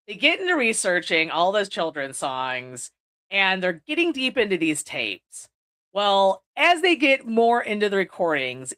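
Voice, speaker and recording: A woman's voice: medium pitch, a bit bright. A woman hosting a podcast, recapping a horror movie in a casual way, swearing freely and filling her sentences with "like.". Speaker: podcast host. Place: indoors, recording on video.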